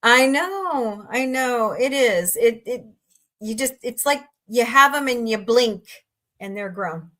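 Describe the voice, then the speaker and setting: A bright, forceful, higher-pitched voice carries this expressive middle-aged woman, who takes things slowly. Hosting a casual livestream from Southwest Missouri, she's loose and talkative, rambling as she answers her chat.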